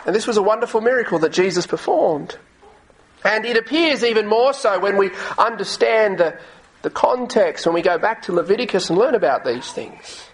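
High-voiced pastor guy preaching earnestly, trips and repeats words now and then. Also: animated, moderate pace, rough recording. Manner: reads scripture aloud in old English wording. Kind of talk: sermon.

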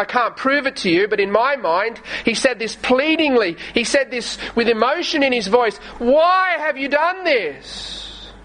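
A man preaching a sermon, reading scripture aloud and slowing down to stress key phrases in an earnest, pleading way. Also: extremely high pitch, fairly bright tone, rough recording. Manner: reads scripture in archaic wording, slows for emphasis.

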